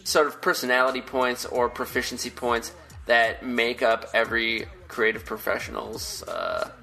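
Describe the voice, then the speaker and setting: Bright-voiced laid-back male co-host. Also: mid-range voice, flat delivery, moderate pace, vocal fry, faint music behind. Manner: laid-back, laughs often. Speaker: podcast co-host. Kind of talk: casual podcast chat.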